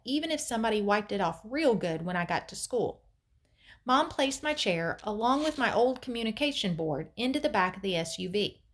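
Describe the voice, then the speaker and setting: Teacher reading a novel aloud. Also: female voice, medium pitch.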